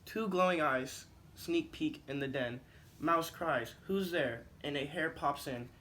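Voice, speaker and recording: This is a male teacher reading a rhyming picture book to his class with a bouncy, sing-song rhythm. His voice sits a little high for a man. There is a soft hiss in the background. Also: unhurried.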